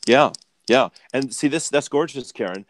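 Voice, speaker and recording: A man's voice: mid-range voice, expressive, moderate pace, a little hiss or hum. A man hosting a spiritual webinar over a video call, affectionate and encouraging, laughing often. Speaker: webinar host and channeler. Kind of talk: casual group video chat.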